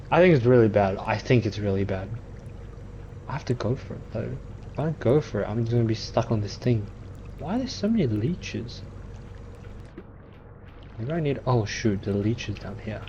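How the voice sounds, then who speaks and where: Excitable man reacting to a game. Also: medium pitch, moderate pace, pauses often, dull audio, slight background noise. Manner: reactive, exclaims and talks to the creatures on screen. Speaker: gameplay streamer. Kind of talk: gameplay commentary.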